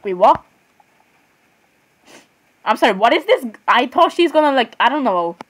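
A young woman chatting excitedly as she comments on her own gameplay, often saying sorry and literally. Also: high voice, normal speed, slight background noise, poor audio. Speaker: gamer.

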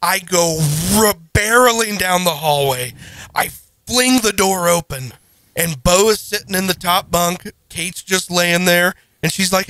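Male podcast host in his thirties, bright voice pitched slightly high, animated storyteller; close, dry mic. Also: measured pace, dry recording. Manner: animated, self-deprecating, acts out his own panic. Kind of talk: casual storytelling.

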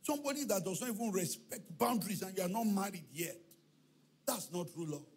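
A male preacher with a high, slightly rough voice speaks a little fast in a church hall. Telling stories animatedly, he voices the dialogue himself and alternates shouts with chanted refrains.

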